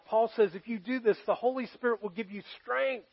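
Pastor guy preaching, kinda high voice, honest personal stories, goes loud then real quiet, dull muffled recording. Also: a little fast, breathy edge. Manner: earnest, confessional storytelling to a congregation, swinging from loud to hushed. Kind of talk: sermon.

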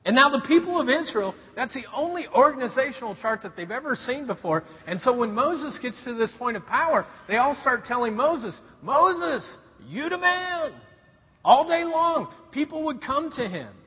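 Male pastor, storytelling sermon, husky tone, muffled hall recording. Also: extremely high pitch, moderate pace, few pauses. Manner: animated storytelling with rhetorical questions. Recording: dull recording in a reverberant hall.

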